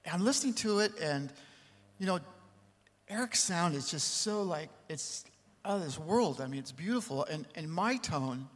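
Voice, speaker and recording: A man who is a record producer telling a story on a panel, animated and full of lively asides. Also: on the high side, moderate pace. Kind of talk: anecdotal panel talk. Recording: long reverb in a large hall.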